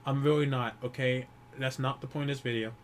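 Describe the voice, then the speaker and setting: A man grieving while talking alone to the camera, rambling and swearing often, with many restarts and pauses. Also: medium pitch, fairly even intonation, slight background noise. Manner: profane, rambling, frequent restarts. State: grieving, holding back tears. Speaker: YouTuber. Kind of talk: personal vlog monologue.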